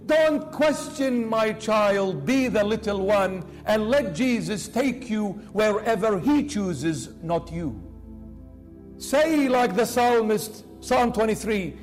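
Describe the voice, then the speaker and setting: A man's voice: high voice, lively intonation, slow pace, faint music behind. A man preaching a sermon with dramatic emphasis, acting out the voices of the people he quotes.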